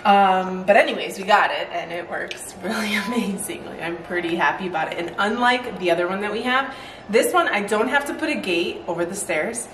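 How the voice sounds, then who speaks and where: A woman's voice: medium pitch, brisk, a bit bright, distant mic, slight background noise, rough recording. A woman chatting casually in a home vlog, rambling and laughing often as she shows off her purchases. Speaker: fitness vlogger showing purchases. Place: at home, indoors.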